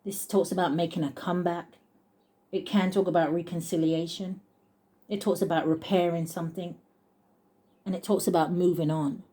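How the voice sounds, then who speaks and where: A woman with a slightly low, mellow voice talks through a tarot spread. She muses aloud, chuckles often and reads card texts slowly. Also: fairly even intonation. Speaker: tarot reader. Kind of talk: casual tarot reading, thinking aloud.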